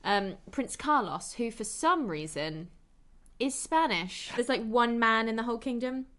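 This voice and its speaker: A woman's voice: fairly high pitch, lively intonation, a little slow, a bit bright. A woman co-hosting a film podcast, chatting casually and with animation, full of "like" and "sort of", with some swearing. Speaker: podcast co-host. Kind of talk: casual film review chat.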